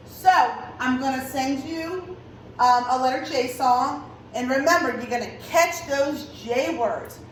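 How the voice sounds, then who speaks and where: A high-pitched woman teaching kindergarten over a video lesson, stretching words out slowly and clearly for young children. She sounds a little distant from the mic in an echoey classroom, with a faint hum behind her. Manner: slow, clear, sing-song teacher talk to small children.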